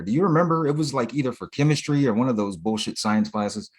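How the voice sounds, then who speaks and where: A man's voice: mid-range voice, expressive, fairly quick, few pauses, husky. A man co-hosting a podcast, recapping in laid-back, profane casual chat with plenty of fillers. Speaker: podcast co-host.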